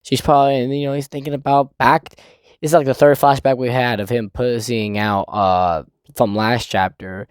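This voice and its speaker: A man's voice: mid-range voice, fairly even intonation, moderate pace, clear, resonant tone, no echo, studio quality. A man casually recapping a manga chapter, rambling, cursing and laughing as he goes. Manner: rambling, profane, laughing often. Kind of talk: casual chat.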